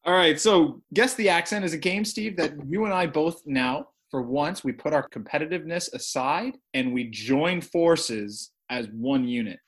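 A man's voice: a little high, normal speed, few pauses. A man co-hosting a casual podcast, easygoing and hedging, laughing often. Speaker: podcast co-host. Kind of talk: casual chat.

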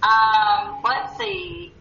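A woman's voice: on the high side, very animated, very slow, bright, forceful tone. A woman in her thirties from Eastern Kentucky with an Eastern Kentucky accent, a guest telling her story in a chatty, self-deprecating way. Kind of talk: casual interview. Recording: roomy, distant, dull-sounding mic.

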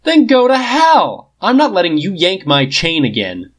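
A man voicing a brash, sarcastic, volatile genius with loud, incredulous outbursts. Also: high-pitched, wildly swooping pitch, measured pace, voice pushed up, exaggerated voice. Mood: indignant.

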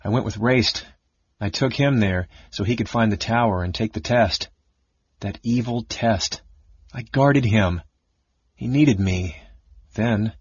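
Man doing a mournful big warrior, husky low voice, dry muffled recording. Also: slow pace, long pauses, no echo, full character voice. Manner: mournful, sulky, sniffling. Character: big, weak-willed, weepy warrior man.

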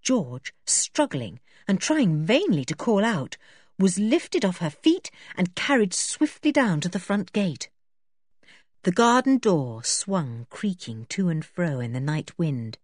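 A woman's voice: lowish voice, very animated, slow, darkish tone, no room sound, studio quality. A woman narrating a children's storybook expressively and switching into voices for the characters. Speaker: audiobook reader.

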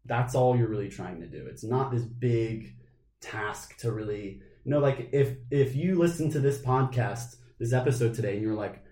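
Mellow-voiced man musing on a podcast. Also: medium pitch, normal speed, reverberant. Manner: rambling, laughs often, puts on silly voices. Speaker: podcast co-host. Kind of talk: casual podcast chat.

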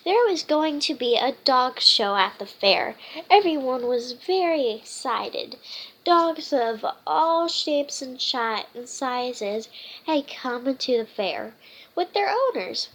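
A woman reading a children's picture book aloud as a storytime host, halting often with fillers and restarts. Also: sits high, expressive, fairly bright tone, poor audio. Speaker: storytime reader.

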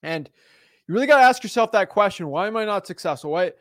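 Man, motivational coach, intense and emphatic, fairly high voice, dry close sound. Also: animated, fast, fairly bright tone, dry recording. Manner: intense, preachy, emphatic with repeated phrases. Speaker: real estate wholesaling coach. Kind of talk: motivational talk to camera.

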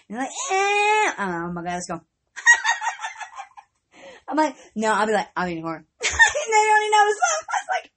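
A woman talking straight to her channel in a loose, meandering storytelling flow. Her voice sits high and swings widely up and down, often tipping into giggles. She curses casually as she goes. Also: huge pitch swings, a little slow, pauses often, pushed and bright. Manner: breaks into frequent high giggles, swears freely. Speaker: vlogger.

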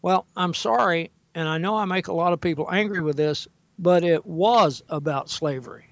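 Older man, deliberate and halting. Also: sits high, vocal fry, no echo. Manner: deliberate, halting with frequent fillers; reads quotations slowly and carefully. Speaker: guest historian. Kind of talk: talk radio interview. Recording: dull, dry lo-fi audio.

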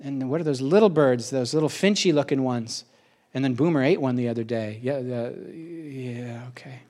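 A middle-aged man in a casual spoken monologue, rambling and emotional, with quick asides and a lot of repetition. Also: mid-range voice, darkish tone.

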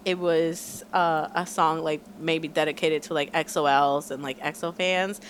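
A woman's voice: low-pitched, unhurried, slight background noise. A young woman chatting casually about music as a podcast co-host, bubbly and full of "like". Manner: bubbly, says "like" a lot, squeals in excitement.

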